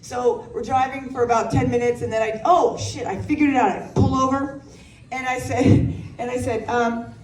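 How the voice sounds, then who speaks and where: A woman's voice: fairly high pitch, fairly even intonation, normal speed, a little mellow, a little hiss or hum. Brash woman doing stand-up, roomy and distant. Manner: brash, profane, storytelling with laughs. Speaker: stand-up comedian. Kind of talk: stand-up comedy set. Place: comedy club stage. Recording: roomy sound from a distant mic.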